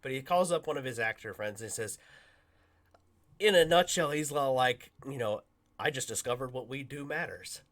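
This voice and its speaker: Bright animated man telling a story. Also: mid-range voice, normal speed. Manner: animated, acts out quotes with loud bursts and laughs. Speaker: podcast co-host. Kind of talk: casual storytelling chat.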